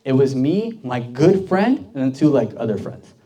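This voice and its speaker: A man's voice: mid-range voice, very animated, moderate pace, warm tone. A young man, a deacon, giving a casual storytelling sermon to a youth group, talking conversationally with many fillers and questions to the audience.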